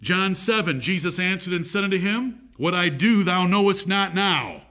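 A man's voice: high-pitched, normal speed, bright, forceful tone. A man preaching a sermon, rising emphatically on key points.

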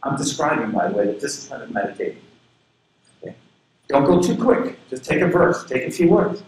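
A man from southern Florida preaching a sermon as a pastor, telling personal stories in an earnest way. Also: moderate pace. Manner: earnest, personal storytelling with lively pitch swings. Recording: very echoey room with faint background noise.

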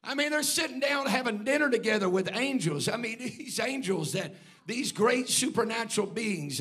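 A man with a high, husky voice preaches in a church. His delivery moves from quiet, conversational storytelling up to ringing shouts. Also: expressive, normal speed. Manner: dynamic preaching, swings from hushed storytelling to shouting. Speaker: pastor. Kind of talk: sermon.

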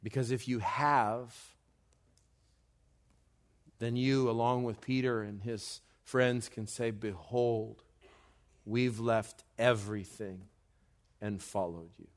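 A man preaching a sermon as pastor, slow and deliberate, building to loud urgency in a church. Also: medium pitch, fairly even intonation.

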